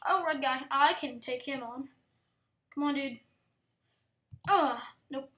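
High-voiced, excitable woman gamer. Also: slow pace, long pauses, a little hiss or hum. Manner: excitable, frequent exclamations and whispered asides. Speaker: gameplay commentator. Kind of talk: casual gaming commentary.

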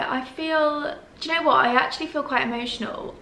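A woman in her twenties, a lifestyle vlogger, chatting in a teary, gushing way at home in her flat. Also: high-pitched, normal speed, hardly any pauses. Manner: gushing, breathy and soft-spoken. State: teary, emotional. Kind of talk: tearful reflective vlog chat. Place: empty flat at home, indoors. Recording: echoey room, faint background hum.

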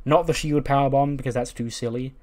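A man's voice: medium pitch, fairly even intonation, a little fast, a little mellow. Rambling man narrating a wrestling game. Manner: rambling, casual, swears. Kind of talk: casual play-by-play narration.

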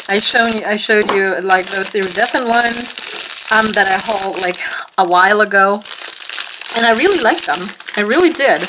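A woman vlogger chatting casually and gushing excitedly as she unpacks a nail polish haul at home, full of fillers. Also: a little high, a little hiss or hum, low-quality recording. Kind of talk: casual unboxing haul chat.

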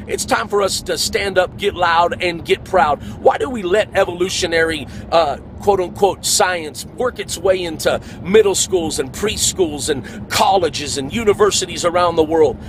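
A man's voice: sits high, moderate pace, hardly any pauses, a little hiss or hum, low-quality recording. A man giving an earnest, preachy monologue for an online video.

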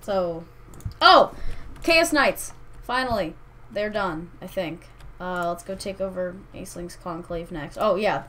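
A woman's voice: mid-range voice, fairly bright tone, a little hiss or hum, low-quality recording. A woman hosting a let's-play, commenting casually on her strategy game in a rambling, hesitant way that keeps correcting itself. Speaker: gaming channel host.

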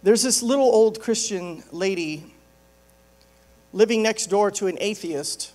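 High-voiced joking pastor. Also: male voice, unhurried, a little mellow. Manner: joking, conversational storytelling. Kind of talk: sermon.

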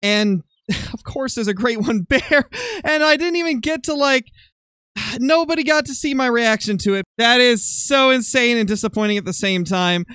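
A young man commentating his hunting game live on stream, excitable and quick to swing into loud frustration. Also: very high voice, clear, resonant tone, dry recording, studio quality. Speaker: gaming streamer.

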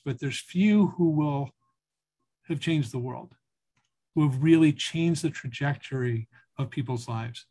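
A man who was once a prosecutor giving a sincere, halting tribute to a colleague over a video call. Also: fairly high pitch, darkish tone. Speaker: former prosecutor. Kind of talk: heartfelt tribute speech.

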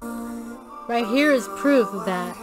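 Over background music, a Filipino American woman with a highish voice takes her time hosting a casual reaction video. She gushes and muses aloud, with many fillers and restarts.

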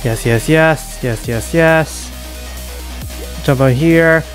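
A young man commentating a horror game as he plays, muttering, whispering and panicking with rapid repeats. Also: fairly high pitch, faint music behind. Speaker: gaming YouTuber. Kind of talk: live gameplay commentary.

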